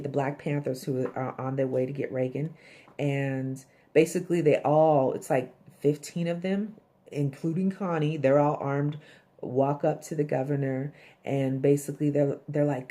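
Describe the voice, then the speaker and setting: A woman's voice: sits low, fairly even intonation, moderate pace, warm tone. A woman casually recapping a TV episode, blunt and chatty, swearing and acting out the characters' lines. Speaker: TV episode reviewer.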